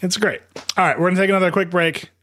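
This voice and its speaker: A man hosting a tech news podcast, talking fast in casual chat, laughing often and restarting his sentences. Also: sits high, sharp tone. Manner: fast, laughing, thinks aloud with many restarts. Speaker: podcast host.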